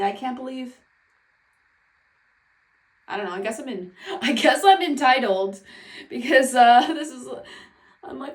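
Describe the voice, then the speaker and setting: Woman vlogger, anxious self-talk, rambling delivery, bright-ish pitch, roomy echo. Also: unhurried, pauses often. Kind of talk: casual vlog talk. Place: at home. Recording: echoey room, voice from a distance.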